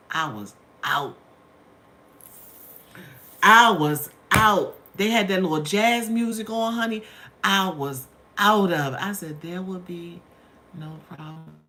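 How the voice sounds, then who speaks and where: A chatty middle-aged woman hosts her livestream from home, talking warmly to her viewers as honey and y'all. Her voice sits a little low, and faint household noise hums behind her. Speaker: livestream host. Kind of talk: casual livestream storytelling.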